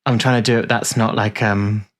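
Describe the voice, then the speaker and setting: A man's voice: on the low side, little pitch movement, moderate pace. A man co-hosting a podcast in casual, playful, rambling chat. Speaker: podcast co-host.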